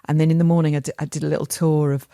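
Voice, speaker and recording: Middle-aged woman, deep speaking voice, casual rambling podcast chat, dry close mic. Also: little pitch movement, dark tone, no room sound. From England. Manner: chatty, rambling storytelling with quick asides. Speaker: podcast co-host.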